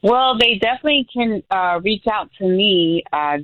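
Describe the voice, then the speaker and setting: A woman's voice: medium pitch, no echo, narrow, tinny audio. A woman researcher answering interview questions on a radio show, hesitant and full of ums. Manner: hesitant, lots of ums, spells slowly. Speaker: guest researcher.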